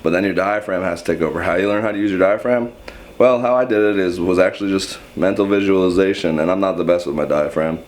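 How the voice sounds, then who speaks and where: A young man with a low voice gives a laid-back vocal lesson. He rambles and stumbles over restarts. He is self-deprecating and easygoing about his own skill. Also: fairly even intonation, fast. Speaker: screaming vocal instructor. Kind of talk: casual how-to explanation.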